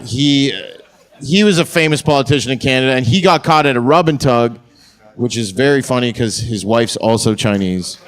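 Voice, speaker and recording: A man's voice: mid-range voice, normal speed, a little hiss or hum. A man doing a stand-up comedy set on a club stage, with brash, crude delivery.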